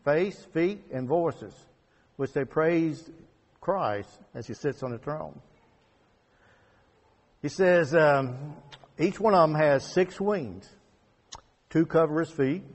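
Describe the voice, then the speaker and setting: Man preaching a sermon in a reverberant hall. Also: a little high. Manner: conversational preaching, rising to emphatic peaks and dropping to quiet asides.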